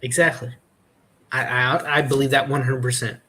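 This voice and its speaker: A man chatting casually on a podcast, telling stories in a halting way with many restarts and fillers. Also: medium pitch, level tone, pushed and bright. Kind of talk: casual chat.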